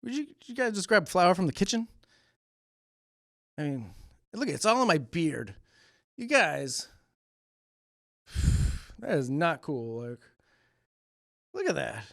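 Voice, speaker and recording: A chatty man hosting a small local comedy show, rambling through his bits with lots of likes and you-knows. His voice sits a bit high, and the studio sound is dry and close. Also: sing-song, slow, vocal fry, pauses often, fairly bright tone, dry recording. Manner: rambling, filler-heavy, chatty. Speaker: host. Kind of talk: comedy monologue.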